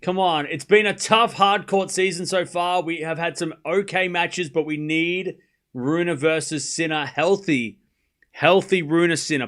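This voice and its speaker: A man's voice: on the high side, a little slow, a bit bright. Playful man streaming tennis commentary. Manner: playful, scolds chat, pleading. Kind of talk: live watchalong commentary.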